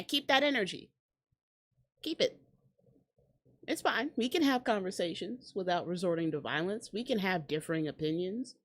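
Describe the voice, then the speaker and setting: A woman hosting a casual reaction commentary, sarcastic and profane, tossing out quick asides. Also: medium pitch, a bit bright. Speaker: commentary host.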